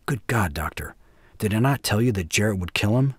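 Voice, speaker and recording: A man's voice: on the low side, animated, fairly quick, husky, no room sound. A man reading the part of a blunt young doctor in an audiobook.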